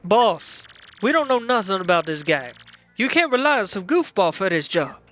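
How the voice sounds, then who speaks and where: Brief: man voicing gangster-accented henchman, grumbling, bright sharp tone. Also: sits high, sing-song, moderate pace, no echo, soft background music. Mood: doubtful. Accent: New York gangster. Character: doubtful male mob henchman.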